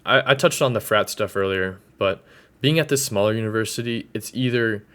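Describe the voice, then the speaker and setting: Talking a little fast in a fairly low, fairly bright voice, this twentysomething man vents about college on camera in a casual vlog rant packed with slang and fillers.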